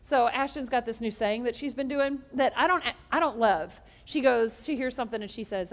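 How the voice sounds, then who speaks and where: Woman preacher, high-pitched, animated storyteller, recorded in a reverberant hall. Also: moderate pace, few pauses. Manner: lively storytelling with jokes, call-and-response to the congregation. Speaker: pastor. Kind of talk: sermon.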